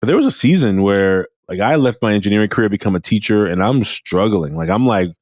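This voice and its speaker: A man's voice: on the low side, lively intonation, fast, darkish tone, no room sound. A man talks casually as a podcast host and teacher. He acts out his own remarks to students, and the sound is close and dry with no room around it. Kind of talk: casual conversational reflection.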